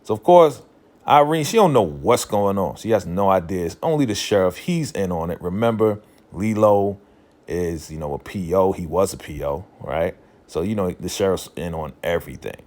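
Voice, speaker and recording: A man's voice: sits low, expressive, moderate pace, darkish tone. A man casually recapping a TV drama episode, animatedly retelling scenes and paraphrasing characters' lines. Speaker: recap reviewer.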